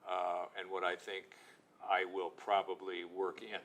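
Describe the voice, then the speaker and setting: A man with a low voice answers interview questions about his acting work. He speaks in a low-key, reflective, self-deprecating way, without much show. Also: completely flat delivery, a little slow, fairly bright tone. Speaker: actor guest. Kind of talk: casual interview talk.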